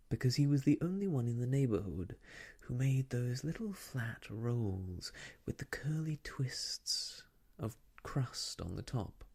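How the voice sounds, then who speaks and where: A man giving a soft ASMR story reading, gentle and slow, sometimes sinking into a whisper. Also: mid-range voice, creaky.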